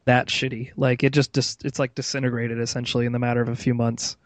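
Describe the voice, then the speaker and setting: A man's voice: mid-range voice, flat delivery, fast, no echo. A man hosting a casual tech podcast, rambling and opinionated, with plenty of fillers. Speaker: podcast host.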